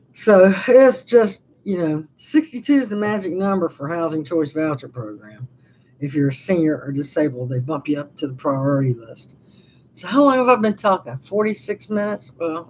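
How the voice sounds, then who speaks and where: Speaking in a low voice over a little hiss or hum, a woman in her sixties livestreams casual chat from her living room as a vlogger. Her stories ramble, with many restarts along the way.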